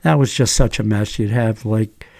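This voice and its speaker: An older man, a retired teacher, telling animated stories in a casual chat and acting out the voices of people in them. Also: fairly low pitch, moderate pace, gravelly, no echo. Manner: animated anecdotes, acts out quoted voices. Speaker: retired teacher, podcast guest.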